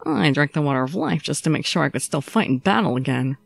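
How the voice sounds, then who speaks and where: A woman's voice: expressive, fast talker, vocal fry, husky, no room sound, soft background music, exaggerated voice. Woman voicing a brooding, sickly young swordsman. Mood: despondent. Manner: low, subdued, teasing drawl. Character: young male samurai, ill, wry and brooding.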